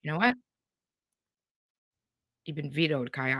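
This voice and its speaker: A woman's voice: on the low side, animated, normal speed, vocal fry, fairly bright tone, no room sound. A woman hosting live-stream commentary, blunt and profane, talking with angry, sweary frustration. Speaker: YouTube commentary host.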